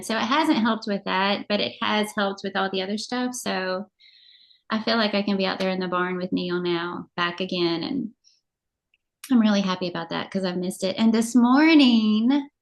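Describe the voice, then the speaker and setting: A middle-aged woman co-hosting a casual chat show, telling animated stories and laughing often. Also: medium pitch, moderate pace. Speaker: podcast co-host.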